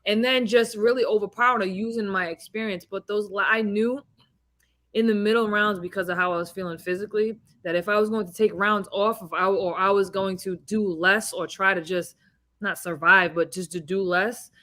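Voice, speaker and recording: A woman in her thirties, a boxing champion being interviewed, telling animated stories with laughs and swearing. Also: medium pitch, brisk. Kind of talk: casual interview chat.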